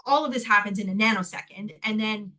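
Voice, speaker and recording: A Canadian woman, a guest in an interview, telling a personal story in an animated way, laughing often and acting out the voices of the people she quotes. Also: medium pitch, quick pace, low-quality recording. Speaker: guest, healing technique teacher.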